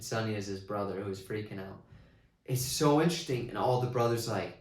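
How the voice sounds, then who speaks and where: A man giving a casual movie review, rambling with many restarts and excited retellings. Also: on the low side, brisk, reverberant.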